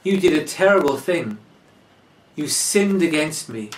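Male preacher, slow and deliberate, lively pitch, heard from a distance in an echoey church. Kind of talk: sermon.

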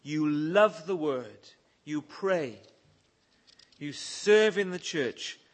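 A man's voice: on the high side, lively intonation, very slow. A man preaching a sermon, reading scripture verses aloud and pressing his listeners with earnest questions. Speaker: pastor.

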